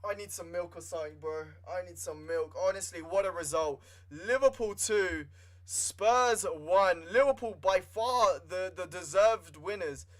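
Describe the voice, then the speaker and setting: A young man giving live fan commentary on a football match, excitable and swinging from nervous muttering to shouting. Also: high voice, unhurried. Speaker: livestream football watchalong host.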